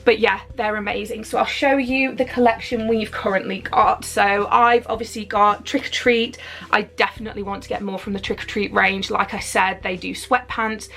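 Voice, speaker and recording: Chatty gravelly-voiced woman vlogger. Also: mid-range voice, fairly even intonation, moderate pace, fairly bright tone, soft background music. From United Kingdom. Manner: chatty and enthusiastic, rambling with fillers. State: out of breath. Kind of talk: casual unboxing chat.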